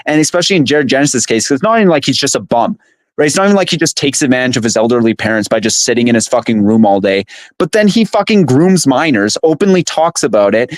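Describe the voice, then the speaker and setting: A man's voice: mid-range voice, lively intonation, quick pace, no echo. A man hosting a live stream, venting at length with casual swearing. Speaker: streamer host. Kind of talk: profane drama stream commentary.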